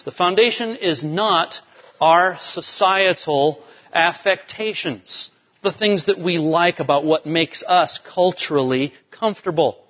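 A man's voice: a little high, breathy edge. A man preaching a sermon as pastor, explaining scripture and building to emphatic points. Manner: expository preaching, rising to emphatic peaks. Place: church sanctuary. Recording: dull sound with long hall reverb.

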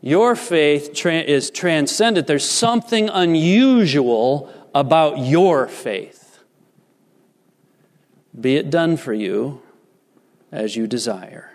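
A man preaching a sermon as a pastor, measured and deliberate, lifting his voice for emphasis. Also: a little high, animated. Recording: long reverb of a large hall.

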